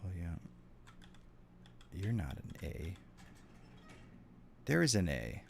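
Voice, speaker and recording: A deep-voiced man chats casually with his stream viewers while he plays a game. He rambles and swears freely as he answers messages from chat. Keys clatter on a keyboard behind him. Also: huge pitch swings, slow pace, gravelly, slight background noise. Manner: chatty, swears a lot, reacts to chat.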